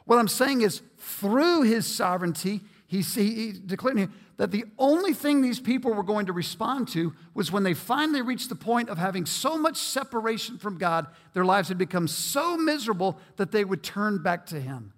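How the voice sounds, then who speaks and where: Male pastor, high voice, earnest emphatic sermon delivery with repeated words, in a church hall with long reverb. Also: lively intonation, normal speed, hardly any pauses.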